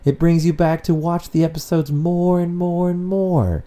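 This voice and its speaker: A man's voice: on the high side, normal speed, dark tone. A man co-hosting a casual podcast, rambling and swearing freely as he chats. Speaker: podcast co-host.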